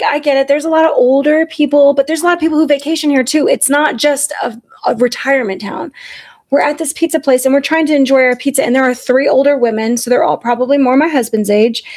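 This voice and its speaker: A woman in her forties, a podcast host telling candid stories in casual chat, blunt and profane. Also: sits high. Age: 40s. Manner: blunt and profane, animated storytelling.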